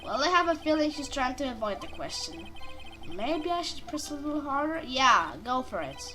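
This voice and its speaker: An indignant young defense lawyer voiced by a woman in a game dub, close to her own voice. It is high and bright, with an unhurried, casual delivery. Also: big pitch swings, faint music behind, heavily acted.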